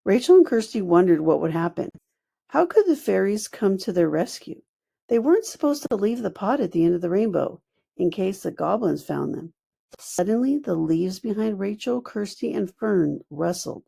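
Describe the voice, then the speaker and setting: A woman narrating a children's book read-aloud in an expressive storytelling manner. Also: mid-range voice, moderate pace, vocal fry.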